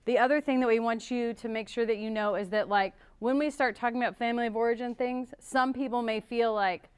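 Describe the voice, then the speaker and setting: A woman's voice: on the high side, fairly even intonation, a little fast, clear, resonant tone. A woman therapist teaching a couples workshop at a church, talking conversationally and acting out little examples. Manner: conversational, acts out examples with gasps and sighs. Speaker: marriage and family therapist teaching a couples class. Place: church hall.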